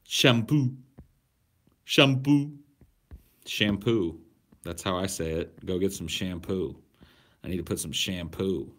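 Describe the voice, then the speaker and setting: A man in his thirties, a podcast host, answering viewer questions in blunt, profane, deadpan casual chat. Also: deep voice, measured pace. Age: 30s.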